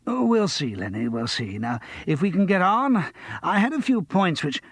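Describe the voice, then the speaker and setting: A man voicing a flustered male TV producer who hurries to smooth things over. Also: high voice, very animated, fairly bright tone, dry recording, pitched above the performer's own voice, exaggerated voice. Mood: placating. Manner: hurried, soothing.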